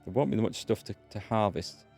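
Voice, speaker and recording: A man's voice: on the low side, fairly quick, creaky, a little mellow, soft background music. A man chatting casually with wry asides while playing a video game as a let's play host. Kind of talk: casual gameplay commentary.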